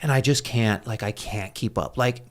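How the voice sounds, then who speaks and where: Man telling a story, rambling and animated. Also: on the low side, normal speed. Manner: animated, rambling, many fillers and restarts; laughs at his own story. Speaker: podcast guest. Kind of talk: conversational storytelling.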